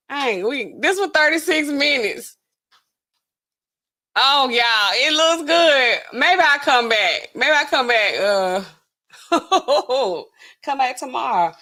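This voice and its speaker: A woman hosting a casual livestream, reacting to news clips and talking straight to her chat in relaxed slangy speech. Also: high voice, slow, pauses often. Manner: chatty and animated, talking straight to chat viewers; relaxed slangy speech with frequent filler words.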